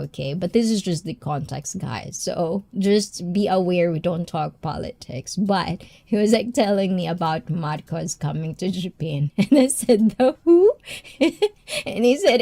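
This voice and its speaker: A woman's voice: fairly low pitch, lively intonation, unhurried, creaky, warm tone. A woman hosting a casual livestream, a personal trainer who chats with viewers by name and laughs often.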